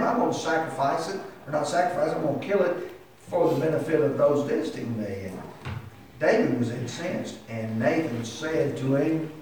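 A man's voice: on the high side, normal speed, a little mellow, slight background noise. A man preaching a sermon with impassioned delivery that climbs to emphatic peaks. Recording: echoey hall heard from a distance.

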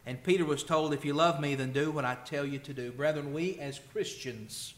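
Preacher, man, higher-pitched voice, emotional sermon delivery, roomy church echo. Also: fairly even intonation, normal speed. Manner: emotional, swells loud when reading scripture then drops soft. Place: church sanctuary.

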